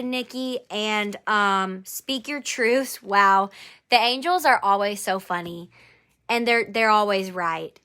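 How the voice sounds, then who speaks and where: A woman's voice: mid-range voice, sharp tone. A woman doing a live-streamed angel card reading. She speaks to one viewer by name, encourages her, and repeats her phrases.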